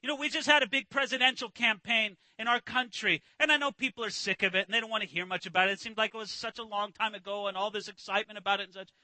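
A man preaching a sermon in an animated way, acting out voices and restarting phrases. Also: high voice, fast talker, hardly any pauses, no echo. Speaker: pastor.

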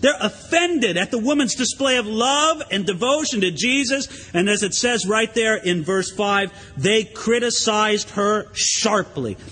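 A man preaching a sermon as pastor, in a conversational, animated way. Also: sits high, unhurried, hardly any pauses. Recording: long hall reverb.

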